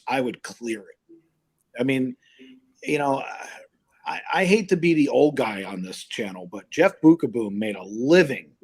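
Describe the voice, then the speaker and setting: Brief: male sports-show host, animated, incredulous, conversational delivery. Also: fairly high pitch. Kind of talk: casual sports chat.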